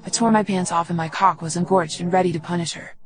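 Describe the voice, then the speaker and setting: A woman giving steady, unhurried first-person audiobook narration. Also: on the low side, slight background noise, rough recording.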